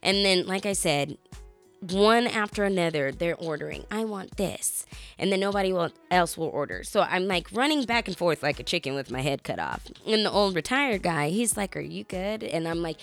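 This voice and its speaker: A woman with a lowish voice tells a story in a casual podcast chat. She is animated and acts out other people's lines, with faint music playing underneath. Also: fairly quick. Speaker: podcast co-host.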